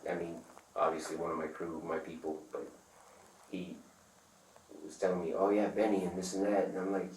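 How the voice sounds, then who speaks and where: A man telling a rambling, profane story in casual talk, acting out the other people's lines loudly. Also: deep voice, little pitch movement, normal speed, long pauses. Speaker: interviewee. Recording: echoey room, far from the mic, faint noise.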